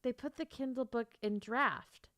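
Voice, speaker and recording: A high-pitched woman livestreaming to her viewers in casual chat, excitable, repeating herself and swearing freely. Her voice is smooth and clear, recorded dry and close with no room sound. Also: measured pace, no echo. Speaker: livestreamer and author. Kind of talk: casual live stream chat.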